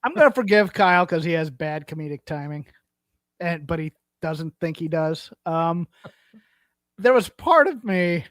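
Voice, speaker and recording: A man's voice: a little high, animated, a bit bright, no echo. A man co-hosting a wrestling podcast, giving wry, opinionated takes in casual chat. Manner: opinionated, wry, quick to correct his co-host. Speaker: podcast co-host.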